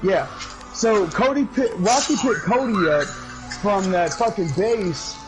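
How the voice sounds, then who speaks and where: A male gaming streamer telling a story in casual chat, loud and profane, bursting into laughter, and high while he talks. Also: animated, unhurried, over music, low-quality recording. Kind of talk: casual storytelling over gameplay.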